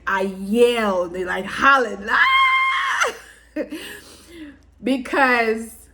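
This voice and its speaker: A woman vlogger telling a personal story to her viewers in a casual way, laughing often and acting out what people said. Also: fairly high pitch. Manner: animated, laughing often, acts out quotes.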